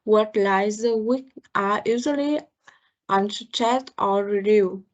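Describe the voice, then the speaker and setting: A woman reading a class presentation on syllable stress in a slow, measured way. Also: mid-range voice, dull audio. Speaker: student presenter.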